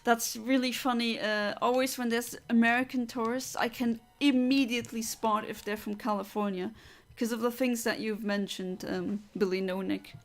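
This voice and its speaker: A woman's voice: fairly high pitch, steady tone, moderate pace, few pauses. A woman from Luxembourg, chatting casually as a streamer and reading out viewer comments, reflective with frequent fillers and restarts.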